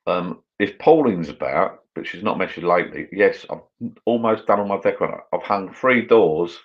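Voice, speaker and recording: Animated but speaking at a normal pace, this low-voiced British man hosts a casual live stream for his channel. He reads viewer comments aloud and chats loosely as he drinks, with the sound coming through dull.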